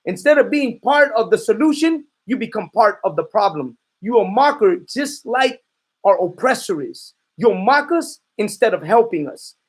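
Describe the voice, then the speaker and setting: A man's voice: high voice, big pitch swings, moderate pace, slightly rough. A man preaching in a fiery, confrontational way, calling out his listeners and giving commands to a reader. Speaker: street preacher.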